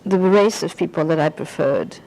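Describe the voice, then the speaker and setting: A woman's voice: low-pitched, moderate pace, creaky, warm tone, low-quality recording. An older woman being interviewed, reminiscing in a rambling way and slipping into French phrases. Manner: rambling, anecdotal, slips into French.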